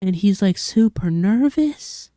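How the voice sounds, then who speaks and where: A man doing a twitchy monster villain who sounds forever out of breath. Thin, breathy and reedy, with a Southern lilt. Drawn out and unsteady, recorded dry and close. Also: sits high, expressive, takes it slowly, dark tone, no echo. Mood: nervous. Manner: always out of breath, jittery. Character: nervous, breathless, high-pitched monster villain, male.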